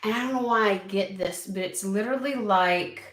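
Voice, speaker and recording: A woman's voice: mid-range voice, normal speed. Chatty woman doing a tarot reading, curses a lot, rambly, sounds like an echoey room. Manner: chatty, rambling, swears freely, lots of "like". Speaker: tarot reader. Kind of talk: casual tarot reading to camera.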